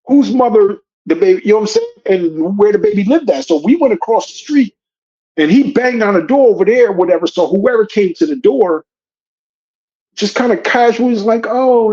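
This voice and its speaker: A man hosting a podcast, telling a story in a casual, slangy, animated way. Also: sits high, highs cut off. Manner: slangy and animated, says "yo" and "you know what I'm saying". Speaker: podcast host.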